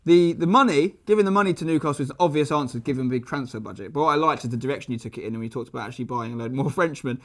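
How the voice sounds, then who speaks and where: A man hosting a football quiz, upbeat and clear as he explains the rules. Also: mid-range voice, very fast, hardly any pauses, a bit bright. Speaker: quiz show host.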